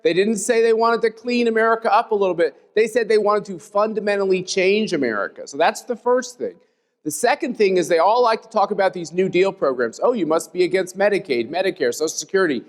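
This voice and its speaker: Man, panel host, emphatic, upbeat, high voice, long hall reverb. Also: animated, brisk. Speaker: conference host. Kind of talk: panel discussion on stage.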